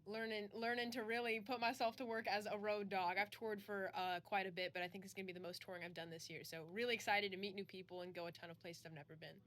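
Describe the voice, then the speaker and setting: A woman's voice: medium pitch, little pitch movement, fast, hardly any pauses, fairly bright tone. A young woman from Texas, a country music artist, chatting casually in an interview, bubbly with frequent laughs and fillers.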